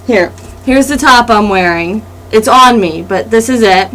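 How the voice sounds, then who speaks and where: A young woman vlogging to camera in a casual, rambling and excited way, with restarts and laughs. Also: mid-range voice, measured pace, a little hiss or hum, poor audio.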